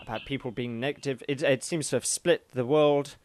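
A man co-hosting a podcast in casual chat, with dry deadpan jokes. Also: mid-range voice, fairly quick. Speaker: podcast co-host.

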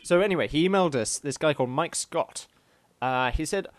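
A man co-hosting a podcast in casual chat, with dry deadpan jokes. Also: a little high, fairly quick, no room sound. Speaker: podcast co-host.

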